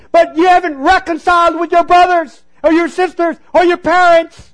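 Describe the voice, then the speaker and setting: A man preaching a sermon, telling a personal story and calling out to the congregation, sometimes dropping to a hush for emphasis. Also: extremely high pitch, steady tone, moderate pace, hardly any pauses, rough recording. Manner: storytelling, call-and-response "Amen?".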